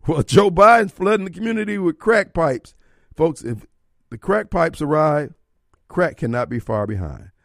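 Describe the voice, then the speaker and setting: A man's voice: fairly high pitch, expressive, normal speed, vocal fry, a bit bright, no room sound, clean studio sound. A man hosting a radio talk show, preaching his opinions and firing off rhetorical questions. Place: radio studio. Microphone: studio microphone.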